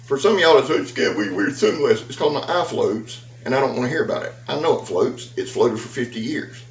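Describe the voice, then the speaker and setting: A man's voice: medium pitch, animated, fast, recorded from a distance, slight background noise. Rambling man in his fifties, echoey. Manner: rambling, folksy, chatty asides. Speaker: knife reviewer and seller. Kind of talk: casual vlog. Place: at home with dogs. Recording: echoey room, voice off-mic.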